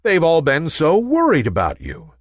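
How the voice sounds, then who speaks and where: A wise, kindly sun from a children's storybook, speaking in a gentle, measured way, as a man puts him on. The pitch rises and falls widely, and the close recording is dry. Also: wildly swooping pitch, no room sound. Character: grand kind male sun, calm and wise.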